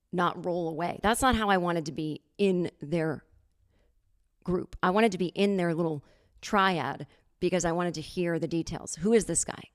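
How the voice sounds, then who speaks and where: Lady podcast host ranting thru a funny story, sarcastic, slightly low voice, does the other people's voices. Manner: sarcastic, animated, acts out other people's lines. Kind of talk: comedic storytelling monologue.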